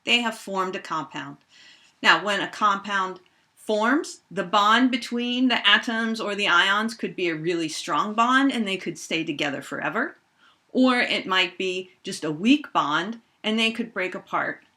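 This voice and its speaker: A middle-aged woman teaching a high school chemistry lesson, playfully acting out reactions with toy bears. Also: unhurried. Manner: animated, acts out toy bears in squeaky voices. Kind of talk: playful classroom lesson with toys.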